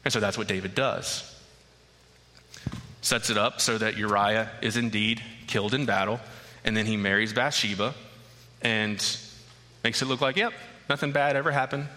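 A man's voice: lowish voice, fairly even intonation, normal speed, pauses often, sharp tone, a little hiss or hum. A man preaching a sermon, retelling a scripture story with building passion. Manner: storytelling, rising to impassioned intensity. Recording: long reverb of a large hall.

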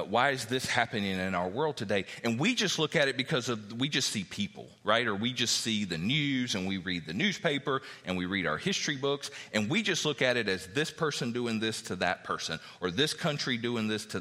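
A man preaching a sermon, reading scripture aloud and acting out what the characters say in an animated way. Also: on the low side, big-room sound. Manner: animated, acts out biblical characters' speech.

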